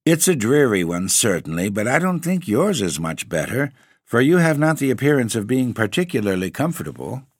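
A man's voice: medium pitch, big pitch swings, a little fast, dry recording, studio quality, pitched above the performer's own voice. A man voicing a weary, moody male baron who answers bluntly and stubbornly. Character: weary male baron, moody nobleman given to sudden laughter.

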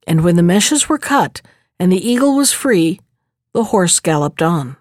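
A woman reading a fairy tale aloud in measured, even narration. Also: lowish voice, dry recording, clean studio sound. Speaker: storyteller.

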